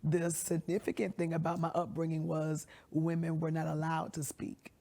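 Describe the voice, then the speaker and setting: A woman pastor telling her story in an interview, measured and reflective. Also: sits low, completely flat delivery, gravelly, dark tone. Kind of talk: interview answers.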